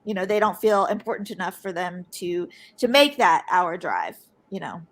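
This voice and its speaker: A young woman reporter, a guest on a podcast, answering questions in a halting way with many fillers and restarts. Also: fairly low pitch, sing-song. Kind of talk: podcast interview.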